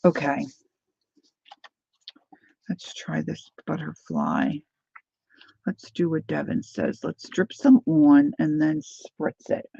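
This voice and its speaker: Slow, gravelly-voiced woman crafter chatting. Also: low-pitched, big pitch swings, dark tone, dry recording, lo-fi sound. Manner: chatty, thinks aloud, answers viewer comments. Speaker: craft livestream host. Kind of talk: casual live crafting demo.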